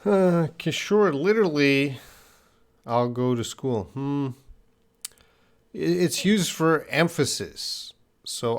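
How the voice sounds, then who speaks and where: Slow, patient male English teacher. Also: on the high side, expressive. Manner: slow, patient explaining with pauses and restarts. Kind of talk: live-stream Q&A lesson.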